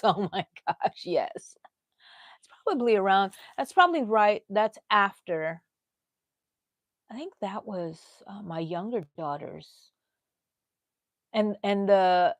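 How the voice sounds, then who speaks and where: A woman's voice: medium pitch, expressive, takes it slowly, pauses often, no echo. A middle-aged woman, hosting a casual crochet livestream, rambling and chatting with viewers as she works.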